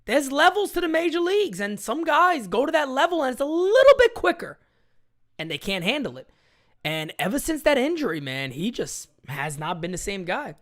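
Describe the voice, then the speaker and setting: Excitable man hosting a sports live chat. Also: very high voice, normal speed. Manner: excitable, rambling, blunt, reads viewer comments aloud. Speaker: live-stream sports show host.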